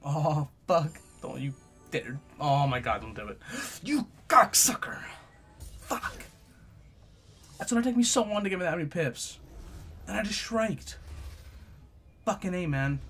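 Animated young man cursing over gameplay. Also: a little high, breathy edge. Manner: profane, trash-talking, swings between loud outbursts and mutters. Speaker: gaming YouTuber. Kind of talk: live gameplay commentary.

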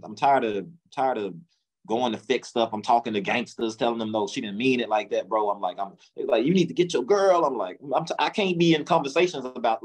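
A middle-aged man, an interview guest, telling his story casually in slangy speech, acting out quotes with sudden jumps in pitch. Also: breathy edge. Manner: loose, slangy, lots of restarts.

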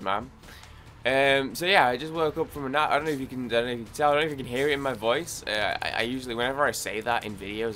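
A man's voice: medium pitch, a bit bright. A young man giving casual gameplay commentary, sounding groggy from lack of sleep and rambling with frequent restarts. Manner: rambling, many restarts, swears when frustrated. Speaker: gaming YouTuber.

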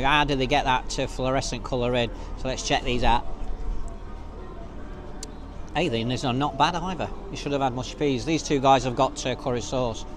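A man's voice: mid-range voice, a little hiss or hum. A man chatting casually to camera in a walking vlog outdoors, rambling with lots of fillers. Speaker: vlogger. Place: outdoors at a seaside resort street.

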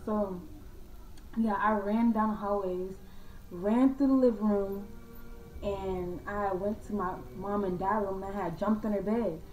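A young woman casually telling a true ghost story to her viewers, slangy and animated, calling them y'all and acting out her own scared voice. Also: mid-range voice, unhurried, far from the mic, slight background noise. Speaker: vlogger. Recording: echoey room from off-mic.

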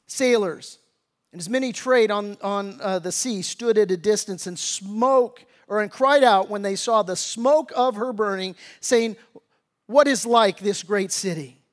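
A man preaching a sermon as pastor, reading scripture and breaking into casual, slangy asides, rising and pressing when he exhorts. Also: unhurried. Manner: conversational preaching, grows louder and higher when exhorting.

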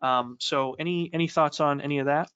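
A man with a New England accent co-hosts a technical webinar, his voice smooth and resonant. He speaks haltingly, with frequent ums and restarts. The audio is dry and slightly muffled. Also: a little high, fairly even intonation, a bit bright, dry recording. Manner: halting, many fillers and restarts. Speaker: webinar co-host.

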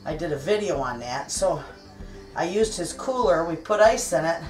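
Home-cooking vlogger: folksy middle-aged woman, lowish voice, loose kitchen chat, mic at a distance. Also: expressive, moderate pace, a little mellow, faint music behind. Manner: folksy, chatty, talks straight to viewers as friends.

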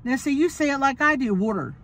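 A woman's voice: high voice, expressive, quick pace, a bit bright, a little hiss or hum. Chatty sick woman vlogging from a car. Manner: chatty, joking, swears freely, frequent laughs. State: sick with a cough. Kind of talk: casual chat to camera. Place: inside a car.

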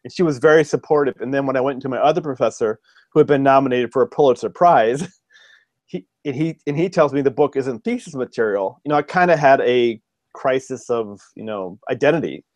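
A medium-pitched, darkish-toned man talks briskly in a casual storytelling chat, appearing as a podcast guest who writes fiction. His manner is rambling, with many ums and restarts, and no room sound comes through.

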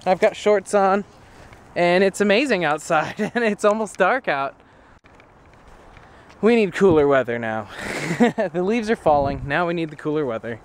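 A young man rambles casually to his camera outdoors, laughing between thoughts. His voice sits a bit high, over faint traffic and outdoor hiss. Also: expressive, moderate pace. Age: young adult. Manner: chatty, laughs between remarks. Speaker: vlogger, college student. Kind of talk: casual vlog.

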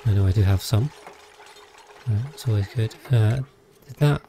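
A man's voice: fairly low pitch, moderate pace, mellow, a little hiss or hum. A man chatting casually on a livestream while playing a game, rambling with frequent hesitations and self-corrections. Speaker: game streamer.

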